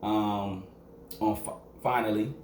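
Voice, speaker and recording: A man's voice: lowish voice, fairly even intonation, slow, darkish tone, slight background noise. A young man from Massachusetts reviewing an album in a casual, rambling vlog, full of slang and filler phrases. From Quincy, Massachusetts. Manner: rambling, slangy, full of fillers and "you know what I'm saying". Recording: echoey room.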